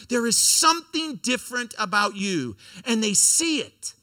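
A man in his forties preaching a sermon to a youth group, animated and storytelling, sometimes acting out the voices of teenagers. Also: high-pitched. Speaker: pastor.

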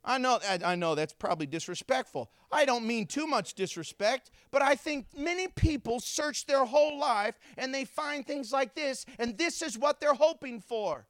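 A pastor preaching a sermon to his congregation, animated, acting out the voices of people in the story. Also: very high-pitched, normal speed, few pauses, dry recording, studio quality.

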